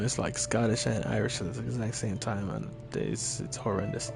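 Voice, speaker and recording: A man's voice: mid-range voice, animated, brisk, creaky, few pauses, a little mellow. A male streamer making chatty, self-deprecating comments while playing a game. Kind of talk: casual gameplay commentary.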